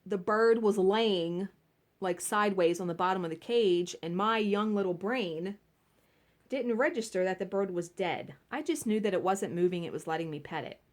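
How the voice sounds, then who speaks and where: A woman's voice: mid-range voice, moderate pace. A woman vlogging casually while she cross stitches at home, telling stories and laughing at herself. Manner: chatty storytelling, laughing at herself.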